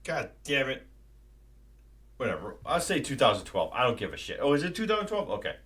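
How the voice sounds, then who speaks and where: Profane ranting man, lively pitch. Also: a little fast. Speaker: livestream host. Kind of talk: casual live-stream movie rant.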